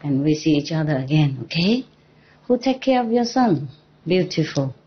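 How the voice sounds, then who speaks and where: A woman teacher speaks to her disciples in an informal dharma talk, in a fairly low voice. She is playful and teasing and often breaks into laughter. The recording is dull and lo-fi. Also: big pitch swings, moderate pace, a little hiss or hum. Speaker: spiritual teacher addressing disciples.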